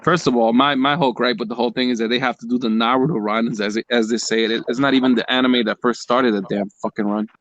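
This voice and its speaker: A man's voice: medium pitch, fairly even intonation, fast talker, hardly any pauses, fairly bright tone, no echo, highs cut off. Wry man on a dry, close recording. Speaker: podcast co-host. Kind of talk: casual banter.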